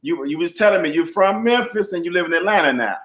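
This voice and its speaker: A man's voice: sits high, quick pace, roomy sound. A man from Chicago hosting a business interview show, talking casually and energetically, dropping "man" into his sentences. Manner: energetic, slangy, repeats "man". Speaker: host.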